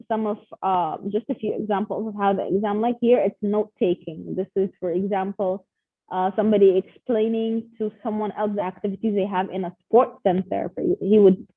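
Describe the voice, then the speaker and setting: A woman's voice: mid-range voice, moderate pace, breathy edge. A woman teaching an exam prep class online, encouraging her students and explaining step by step while switching between languages. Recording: tinny phone-like online call audio.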